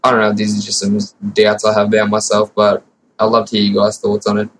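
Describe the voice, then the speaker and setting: A man's voice: lowish voice, completely flat delivery, fast talker, fairly bright tone, slight background noise, low-quality recording. An Australian man in his late teens leaving a voice message as a caller, earnest and unsure, rambling through his question. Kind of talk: recorded listener voicemail.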